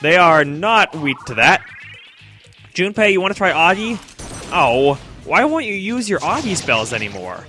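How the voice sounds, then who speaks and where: A man's voice: sits high, very animated, measured pace, pushed and bright, soft background music. A young man chatting casually over his gameplay in a self-mocking way, often talking straight to the game's characters. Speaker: let's play commentator.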